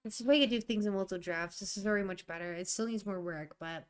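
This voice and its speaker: This young woman, a writer streaming a session, has a mid-range voice and a quick pace. As she revises her draft she thinks aloud, rereading sentences and slipping into rants on the side.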